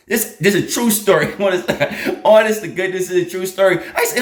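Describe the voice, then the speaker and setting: Animated man telling a story. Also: sits high, moderate pace. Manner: animated, laughing, repeats lines for emphasis. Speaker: host of a faith channel. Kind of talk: casual storytelling to an online audience. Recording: echoey room.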